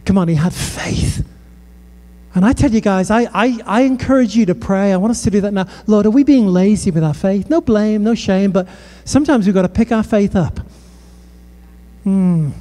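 A man's voice: sits high, normal speed, warm tone. A male pastor from the United Kingdom preaching a passionate sermon with conversational asides in a church hall. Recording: echoey hall.

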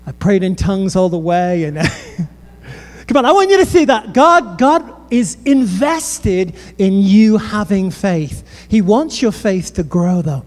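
Slowly and in a high pitch, a British preacher delivers his sermon with lively humor, telling amusing tales and turning to speak straight to the congregation. His words echo through the long reverb of a big hall.

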